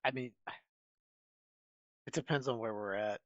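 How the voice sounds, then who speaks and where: A man playing an adventurer in a tabletop game, speaking in a hesitant, halting way on a dull, lo-fi mic. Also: medium pitch, a bit bright, no room sound, close to an everyday voice. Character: male adventurer who knows the coast.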